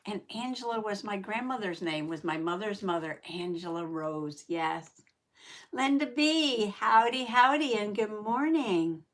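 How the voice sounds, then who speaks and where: A woman hosting a craft journaling live stream, greeting viewers by name in a folksy, chatty way with soft laughs. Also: medium pitch, expressive, a little slow. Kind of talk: casual live-stream chat.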